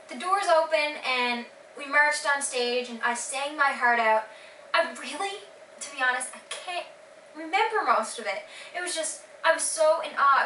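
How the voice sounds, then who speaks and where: Excitable teen vlogger, girlish voice, filler-heavy storytelling, roomy distant sound. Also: high voice, a little hiss or hum. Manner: gushing, excited, lots of fillers. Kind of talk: casual vlog storytelling.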